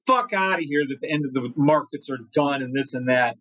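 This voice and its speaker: A man's voice: a little high, a little fast, few pauses, fairly bright tone, dull audio. A man hosting a live trading stream, greeting chat by name and talking bluntly with lots of swearing. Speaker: livestream trading host. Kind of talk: live market commentary reading chat.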